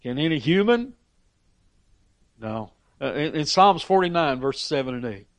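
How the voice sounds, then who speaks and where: A man's voice: fairly high pitch, very animated, a little slow, dry recording. A man preaching a sermon with emphatic rises on key phrases and frequent repeated words as he restarts. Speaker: pastor.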